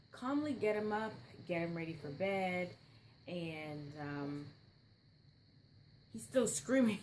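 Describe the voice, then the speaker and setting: A woman's voice: on the low side, a little hiss or hum, rough recording. A young adult woman, a mother, telling a story in a chatty, rambling way with frequent asides. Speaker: podcast host, mother. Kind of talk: casual storytelling monologue.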